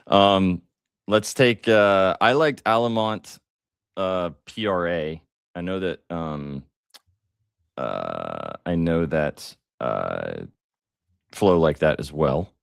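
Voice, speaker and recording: A deep-voiced man hosting a live betting stream, chatty and excitable, throwing in jokes and ums. The sound is close and dry, with no room around it. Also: creaky, dry recording. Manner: excitable, joking, lots of fillers. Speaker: sports betting show host.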